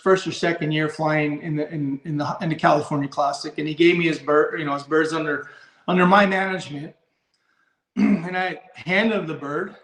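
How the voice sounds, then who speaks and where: A man's voice: on the high side, a bit bright, roomy sound. A man who breeds and handles racing pigeons, talking in a rambling, blunt way, restarting his sentences, in a casual live discussion.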